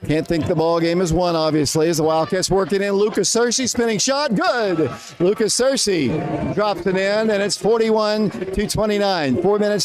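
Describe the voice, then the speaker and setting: Breathless high-voiced play-by-play man. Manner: rapid, rising excitement on big plays. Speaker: radio play-by-play announcer. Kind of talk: live basketball play-by-play.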